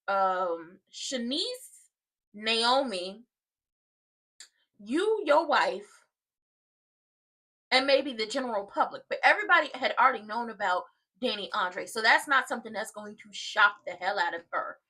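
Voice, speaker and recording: A woman giving a sassy, animated live commentary on a soap opera episode. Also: on the high side, measured pace.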